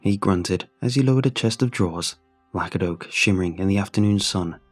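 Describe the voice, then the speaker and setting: Low-voiced man reading a horror story. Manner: measured, somber. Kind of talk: scripted horror narration. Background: faint music.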